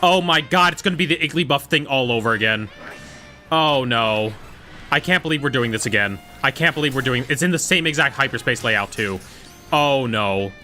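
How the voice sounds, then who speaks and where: A man's voice: medium pitch, expressive, moderate pace, pushed and bright, faint music behind. A young man live-streaming a game, chatting casually and joking with his chat. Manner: joking, rambling, slips into whispers.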